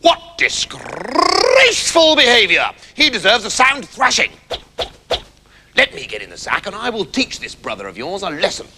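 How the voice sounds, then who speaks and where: A man's voice: high voice, wildly swooping pitch, moderate pace, vocal fry, in a large hall, noisy background, heavily acted. A man voicing a stern, pompous schoolteacher who scolds and threatens thrashings. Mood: scolding. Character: stern, cane-happy old male schoolteacher.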